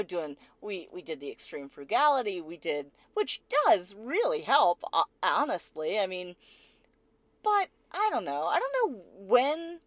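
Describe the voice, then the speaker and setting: Bubbly, lively-voiced woman podcast host. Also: fairly low pitch, no room sound. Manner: bubbly, laughs often, keeps asking "right?". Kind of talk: casual podcast chat.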